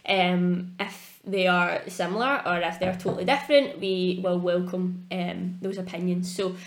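A woman's voice: lowish voice, steady tone, a little slow. A young Scottish woman co-hosting a podcast, chatting casually and laughing at herself. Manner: giggly, self-deprecating, chatty. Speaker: podcast co-host. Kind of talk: casual chat. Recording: echoey room.

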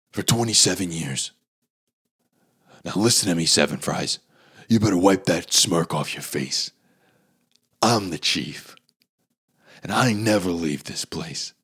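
A man putting on the voice of a gruff, bossy veteran police chief who lectures sternly. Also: low-pitched, fairly bright tone, full character voice.

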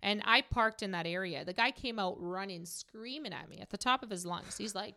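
An animated woman chatting casually about her work as a mortgage broker. She tells her stories with energy and slips into the voices of the people she describes. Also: medium pitch, fast talker. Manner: animated storyteller, acts out quoted dialogue. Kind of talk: casual chat.

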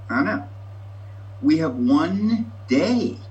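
A man's voice: a little high, sing-song, takes it slowly, rough recording. A man sharing candidly at a recovery meeting over a video call, rambling and poking fun at himself. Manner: rambling, candid, self-mocking.

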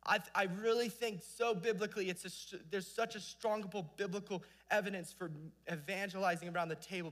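A young man preaching a sermon with passion, swinging between loud exhortation and hushed storytelling. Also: high voice, steady tone, brisk, hardly any pauses.

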